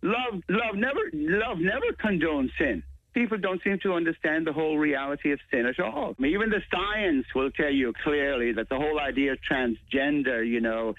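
A man's voice: fairly high pitch, dry recording. A man, a priest, speaking in a recorded radio interview, emphatic, defensive and insistent. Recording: tinny phone line.

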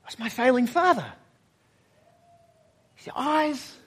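Higher-voiced man preaching reflectively. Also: expressive, a bit bright, breathy edge. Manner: measured, reflective preaching with dramatic pauses and dropping to near-whispers. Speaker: pastor. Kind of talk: sermon. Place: church service.

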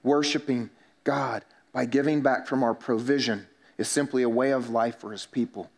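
A man's voice: mid-range voice, fairly even intonation, normal speed, vocal fry. A male pastor preaching a sermon in a conversational way, joking with the congregation and acting out little everyday dialogues.

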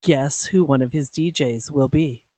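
A man's voice: medium pitch, unhurried, warm tone, no room sound. A man co-hosting a podcast, campy and emphatic in casual chat, swearing freely. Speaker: co-host.

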